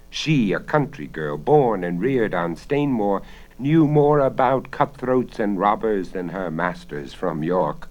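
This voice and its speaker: Man, deep voice, very expressive, storybook narration, hushed suspenseful whispers. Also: a little slow. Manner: dramatic, dropping to hushed whispers. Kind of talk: storybook reading.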